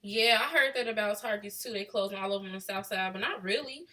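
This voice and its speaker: A young woman from Chicago, USA, vlogs to her live chat with a Chicago accent, reading questions and laughing in a casual way. Her mid-range voice is fast, pushed, and bright.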